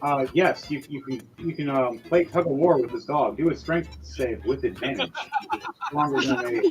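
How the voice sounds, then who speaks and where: A man's voice: mid-range voice, normal speed, soft background music, low-quality recording. Joking man running a tabletop game. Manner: casual, crude, many fillers and restarts. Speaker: game master. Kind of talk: narrating a tabletop game over a stream.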